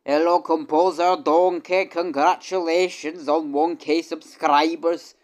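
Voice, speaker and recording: A man putting on an exaggerated Scottish accent as a loud, boisterous Scottish man. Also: on the high side, little pitch movement, measured pace, voice pushed up, natural voice. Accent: Scottish, put on.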